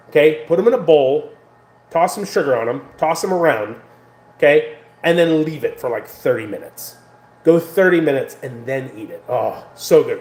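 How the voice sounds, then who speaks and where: Rambling man in an echoey room. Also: on the high side. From United States. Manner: rambling, animated, many fillers and restarts. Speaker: vlogger. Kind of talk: casual vlog monologue.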